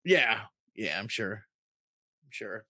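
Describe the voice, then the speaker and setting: A man co-hosting a podcast, chatting casually with quick asides and swearing. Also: fairly low pitch, very animated, sharp tone, no echo, clean studio sound. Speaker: podcast co-host. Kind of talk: casual chat.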